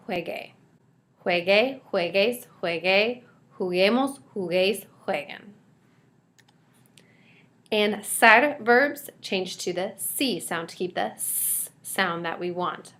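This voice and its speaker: A woman teaching a recorded grammar lesson, explaining each step clearly and switching between English and Spanish examples. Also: mid-range voice, fairly bright tone.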